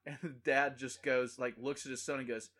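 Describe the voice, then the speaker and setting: A young man chatting casually, rambling through a story with lots of fillers and breaking into loud, high-pitched impressions of the people in it. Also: level tone, normal speed. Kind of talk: casual chat.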